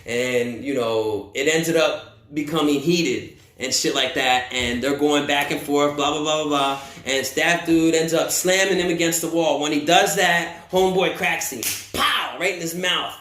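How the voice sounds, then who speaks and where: A man's voice: a little high, moderate pace. Profane storytelling man, roomy echo. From United States. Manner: profane, animated, acts out quotes. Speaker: vlogger telling a story. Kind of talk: casual storytelling.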